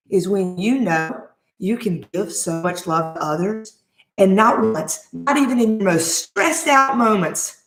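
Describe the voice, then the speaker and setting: A woman's voice: fairly low pitch, a bit bright. A woman in her forties, a life coach, giving an emphatic motivational talk to camera with lots of rhetorical questions. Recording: roomy echo.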